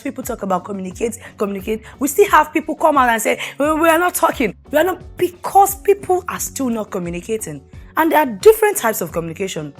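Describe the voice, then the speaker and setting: A middle-aged woman with a voice on the high side hosts a talk show. She gives earnest, preachy marriage advice and keeps putting questions to the listener.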